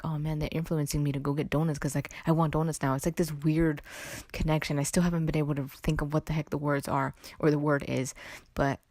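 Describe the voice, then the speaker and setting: Slightly unwell, a young podcast host from California rambles chattily on her solo show, breaking off her own thoughts with "like" and "anyway." She speaks low with a darkish tone, recorded at studio quality with no room sound.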